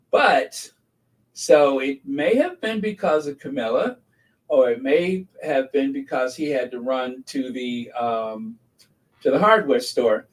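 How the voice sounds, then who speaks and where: A man's voice: a little high, distant mic, rough recording. A man hosting a casual gossip commentary, rambling and mocking, who often laughs at his own jokes. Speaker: channel host.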